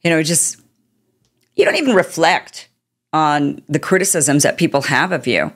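Low-voiced woman, indignant commentary. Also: moderate pace. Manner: indignant, sarcastic. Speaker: commentary host. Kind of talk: political commentary.

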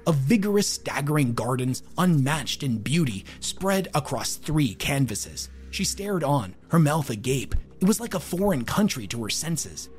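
A man narrating dark fiction in a measured, dramatic way, lingering on words. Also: medium pitch.

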